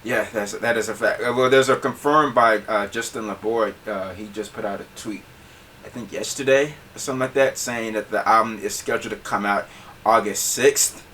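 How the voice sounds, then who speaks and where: A man hosting a podcast in a casual, animated way, often laughing and repeating himself. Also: lowish voice, normal speed, slight background noise. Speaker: podcast host.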